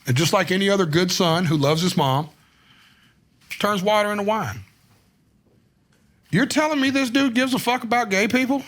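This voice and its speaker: A married man chatting casually as a podcast guest, telling stories in an animated, profane way. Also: high-pitched, normal speed, pauses often. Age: adult, married. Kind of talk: casual chat.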